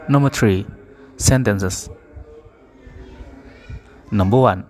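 Slow, careful man reading drill words. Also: lowish voice, steady tone, a little mellow, soft background music. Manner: careful, deliberate word-by-word reading. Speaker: pronunciation practice reader. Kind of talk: slow read-aloud pronunciation drill.

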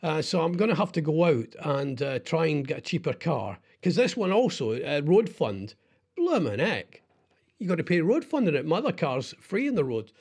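A middle-aged man hosting a radio show, rambling in casual chat with lots of halting restarts and self-deprecating asides. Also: on the high side, sing-song, a little mellow, husky. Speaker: radio host.

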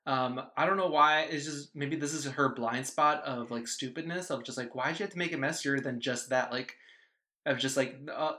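Bright-voiced man hosting a podcast. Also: medium pitch. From United States. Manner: quick, emphatic, casual swearing. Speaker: podcast co-host. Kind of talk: casual chat.

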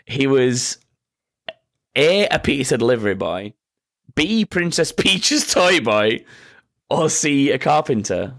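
Quizmaster with a lively, swinging voice. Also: male voice, mid-range voice, takes it slowly, long pauses. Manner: sarcastic, swears casually, comments on his own questions. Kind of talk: casual chat, reading out quiz questions.

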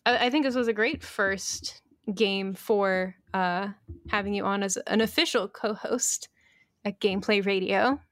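A woman hosting a podcast, easygoing and quick to laugh, with many hesitant fillers. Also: mid-range voice, fairly bright tone, dry recording, studio quality. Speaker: podcast host. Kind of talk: casual chat.

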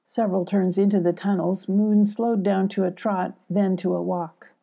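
Older woman, gravelly voice, mellow tone, gentle children's storybook reading. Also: mid-range voice, fairly even intonation, normal speed. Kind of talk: audiobook narration for children.

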